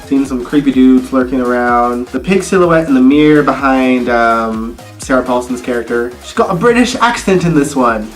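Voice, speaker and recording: A man chatting casually and expressively as he reviews a TV episode, with some swearing. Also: mid-range voice. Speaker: TV review vlogger.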